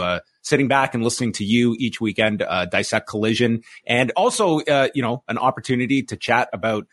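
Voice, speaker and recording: A man hosting a wrestling-review podcast, announcing new hosts in a measured way with frequent pauses. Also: medium pitch, a bit bright. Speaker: podcast host.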